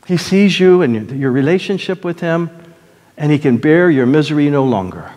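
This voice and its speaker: Emphatic preacher in a reverberant hall. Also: male voice, fairly high pitch, lively intonation, normal speed. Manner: swings from loud emphatic preaching to soft prayer. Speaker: pastor. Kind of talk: sermon. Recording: long reverb of a large hall.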